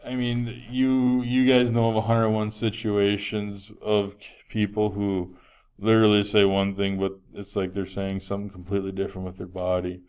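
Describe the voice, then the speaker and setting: Male teacher, lower register, resonant, chatty lecture style. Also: completely flat delivery, normal speed, darkish tone, smooth. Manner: conversational, frequent um fillers, projecting voice. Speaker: health teacher. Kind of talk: classroom lecture.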